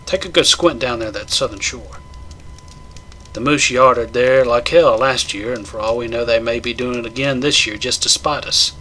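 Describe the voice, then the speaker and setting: A man's voice: mid-range voice, moderate pace, slight background noise, lightly acted. A man doing Hank, a nasal, bossy hunt organizer. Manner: energetic, emphatic.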